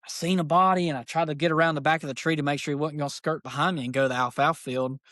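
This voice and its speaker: A man tells a story as a podcast guest, excited and rambling, tossing in "dude" and "like" constantly. His voice sits a little high for a man. The close podcast mic sounds dry and dead. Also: racing, no room sound. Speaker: podcast guest, archery shop owner. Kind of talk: casual storytelling chat.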